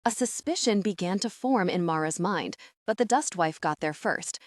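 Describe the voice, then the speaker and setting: Low-voiced woman narrating an audiobook. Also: lively intonation, normal speed, no room sound, clean studio sound. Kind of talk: scripted narration.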